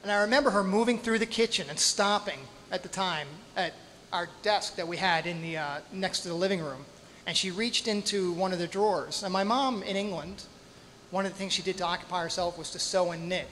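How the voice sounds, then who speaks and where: A man performing a true story live on stage, dramatic, with pauses, spoken sound effects and self-deprecating humor. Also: high voice, pushed and bright, slight background noise. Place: stage in a hall at a storytelling night. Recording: hall reverb, faint ambience.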